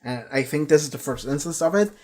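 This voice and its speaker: A man giving a casual, rambling review of a TV season, swearing freely and retelling scenes with quick quoted lines. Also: on the high side, animated, a little mellow. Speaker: show reviewer.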